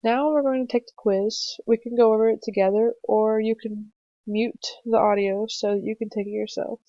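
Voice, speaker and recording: A young woman narrating a screencast punctuation lesson for children, explaining slowly and patiently with some fillers. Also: on the high side, steady tone, no room sound. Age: young adult. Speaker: student teacher presenting a lesson. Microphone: computer mic for a screencast. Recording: dry, slightly dull home mic recording.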